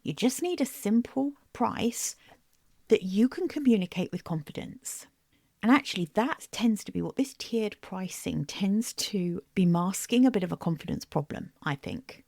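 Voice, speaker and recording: Gravelly woman coaching podcast host. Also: medium pitch, lively intonation, normal speed, mellow, no room sound, studio quality. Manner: direct, emphatic, coaching tone with repeated phrases. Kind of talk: solo podcast monologue.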